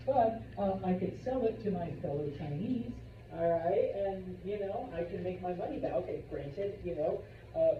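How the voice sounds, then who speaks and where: A man's voice: high-pitched, slight background noise. A man teaching history in a casual, jokey way, acting out people's voices while he lectures to a classroom. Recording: roomy, distant, dull classroom recording.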